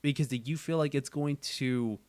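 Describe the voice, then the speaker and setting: The channel host, a man, has a medium-pitched, slightly mellow and smooth voice and speaks a little slowly on a dry recording. Hosting a casual chat, he's earnest and repeats phrases as he thinks out loud.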